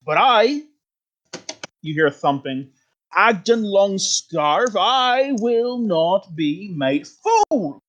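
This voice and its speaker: A game master puts on a blustering male war leader who bellows commands in a strained, high voice. He sounds loud and bossy. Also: animated, very slow, lo-fi sound, heavily acted.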